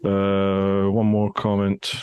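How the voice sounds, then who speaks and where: A man's voice: low voice, completely flat delivery, takes it slowly, smooth, narrow, tinny audio. A man hosting a podcast, chatting casually and venting in a frank, self-deprecating way. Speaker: podcast host. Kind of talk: casual chat.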